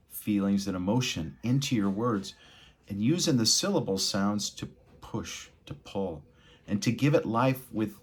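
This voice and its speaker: Deep husky-voiced man teaching expressive reading. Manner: expressive, swings between quiet and loud. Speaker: English reading tutor. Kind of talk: energetic spoken lesson with read-aloud demos.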